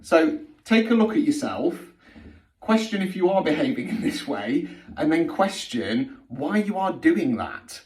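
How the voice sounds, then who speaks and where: A man's voice: on the high side, very animated, unhurried, darkish tone, far from the mic. A middle-aged man, giving a blunt, sweary spiritual healing talk that he keeps punctuating with "okay?". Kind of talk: blunt direct-to-camera monologue. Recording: roomy sound from off the mic.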